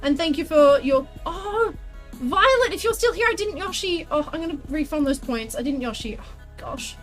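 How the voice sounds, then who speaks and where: A woman's voice: high voice, lively intonation, moderate pace, soft background music. A woman chatting casually on a livestream while crafting, reading out chat messages and answering them in a chatty, exclamatory way. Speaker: streamer crafting a costume tail.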